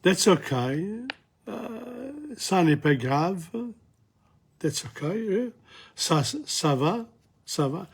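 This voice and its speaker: A man teaching a casual French lesson in English, repeating phrases and chatting as he goes, his voice going hoarse. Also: fairly high pitch, lively intonation. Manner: chatty, self-interrupting, repeats phrases slowly. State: losing his voice, coughing. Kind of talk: casual spoken language lesson.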